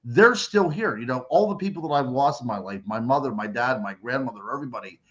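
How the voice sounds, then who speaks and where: A man's voice: mid-range voice, fast, fairly bright tone, highs cut off. A middle-aged man from Western Pennsylvania, a radio guest reflecting on family traditions in a rambling, easygoing way. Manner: reflective, rambling, many fillers. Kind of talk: casual radio chat.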